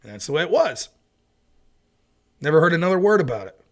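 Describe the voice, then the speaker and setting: A man's voice: fairly high pitch, big pitch swings, fairly quick. A man in his thirties hosting a casual commentary show, telling rambling stories with frequent swearing. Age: 30s. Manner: rambling, profane storyteller. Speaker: host.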